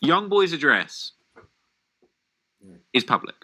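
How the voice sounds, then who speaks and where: A man hosting a live hip-hop news reaction stream, reading posts aloud and commenting in an animated, slangy way. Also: a little high, slow pace.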